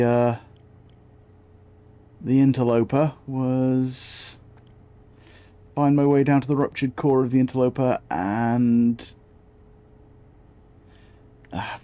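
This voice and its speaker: A man's voice: medium pitch, mellow. A man live-streaming a video game, chatting in a rambling, scatterbrained way and greeting viewers. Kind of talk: live-stream gameplay chat.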